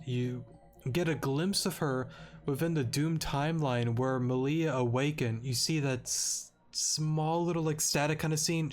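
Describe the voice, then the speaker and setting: Rambling male gameplay commentator. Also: mid-range voice. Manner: rambling, self-correcting with stammers. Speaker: let's-play commentator. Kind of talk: casual game story recap.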